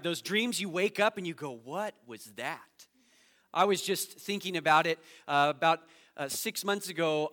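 Animated man preaching in a reverberant hall. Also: on the high side. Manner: animated, acts out quotes in his story, laughs at himself. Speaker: pastor. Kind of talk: sermon with storytelling.

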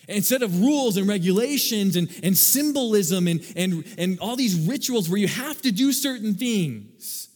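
A man preaching a sermon as pastor, animated, acting out little scenes and laughing at his own jokes. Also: high-pitched. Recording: long hall reverb.

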